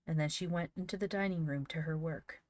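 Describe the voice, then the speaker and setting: A woman's voice: low voice, brisk, darkish tone, no room sound. A woman reading a storybook aloud as narrator, with occasional small slips. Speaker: audiobook reader.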